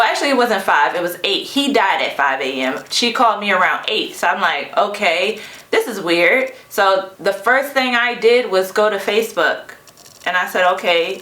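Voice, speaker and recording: Bright-voiced woman telling her story. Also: mid-range voice, roomy sound. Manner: animated, acts out the voices of family in her story. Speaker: guest sharing her story. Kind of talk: personal storytelling.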